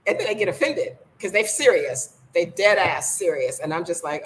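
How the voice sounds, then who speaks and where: Chatting in a home vlog, this blunt, sassy older woman from the United States sounds animated, speaking at normal speed with few pauses. Her pitch is fairly low and her tone fairly bright, though the recording quality is low.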